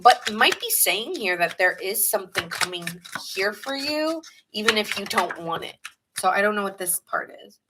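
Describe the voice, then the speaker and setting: A woman's voice: mid-range voice, very animated, moderate pace, noisy background. A woman from New York with a New York accent, giving a chatty, rambling live tarot reading and greeting viewers in the chat. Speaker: tarot reader.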